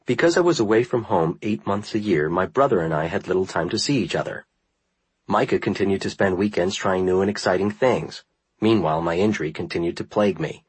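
A man narrating a first-person memoir in a measured, earnest reading style. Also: low voice, husky, dry recording, poor audio. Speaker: audiobook narrator.

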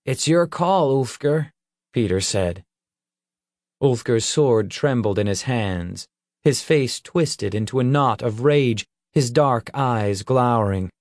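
A male narrator reading a fantasy audiobook in a steady, measured way. His pace is slow and unhurried. The recording is dry and close, with no room sound. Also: medium pitch, no room sound.

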